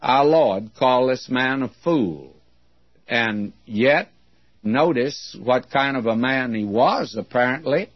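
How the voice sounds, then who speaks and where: A man preaching a sermon, reading scripture with deliberate emphasis. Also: medium pitch, animated, no echo. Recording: dull, dry lo-fi recording.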